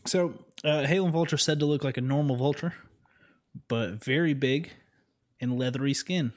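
A man's voice: medium pitch, normal speed. A man co-hosting a podcast in casual chat, from the Southern United States, joking and rambling with lots of fillers. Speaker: podcast co-host.

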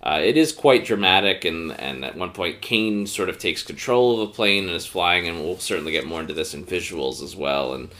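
A man's voice: low-pitched, lively intonation, a little fast, few pauses, pushed and bright. A man co-hosting a podcast, casually recapping an episode with a rambling manner and many fillers. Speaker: podcast co-host.

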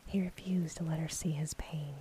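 A woman whispering a calm, steady storybook narration in a whispered role-play. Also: low voice, moderate pace, slight background noise, rough recording.

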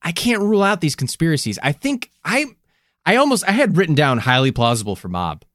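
A man's voice: on the high side, very animated, fairly quick, fairly bright tone, no room sound, clean studio sound. A man co-hosting a casual podcast, handing out verdicts one by one and joking around. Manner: verdict-giving, joking, swears, laughs. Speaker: podcast co-host. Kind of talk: casual conspiracy podcast chat.

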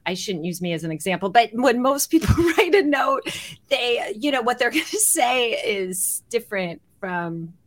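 A woman's voice: fairly high pitch, very animated, normal speed. A woman hosting a podcast interview, talking in a friendly, rambling way with many ums and small laughs. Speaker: podcast host.

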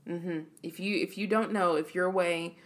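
A woman's voice: on the low side, fairly even intonation, normal speed. A young woman co-hosting a faith podcast, talking earnestly and often affirming her co-host. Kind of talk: casual faith-based chat.

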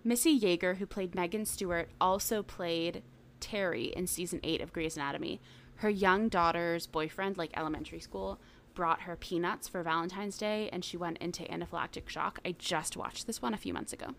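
Chatty, enthusiastic woman co-host with a fairly low voice; casual podcast talk. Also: fairly even intonation, vocal fry, fairly bright tone, a little hiss or hum. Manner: chatty, enthusiastic, quick asides. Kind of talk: casual chat.

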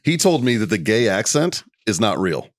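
A man with a lively, bouncing pitch, co-hosting a podcast in loose and crude banter. He swears freely, laughs loudly and slips into mimicked voices mid-story. The sound is dry and close. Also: normal speed, no room sound. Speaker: podcast co-host. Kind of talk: casual crude chat.

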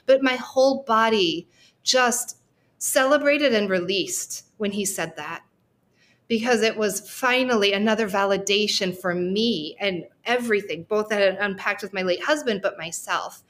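A woman's voice: a little high, animated, normal speed. A woman guesting on a podcast, a researcher sharing a personal story in a candid, heartfelt, talkative way. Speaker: guest, social work researcher.

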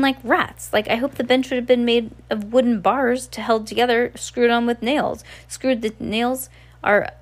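A woman's voice: fairly high pitch, voice pushed up. Worried, determined teen girl from a storybook, read by a woman.

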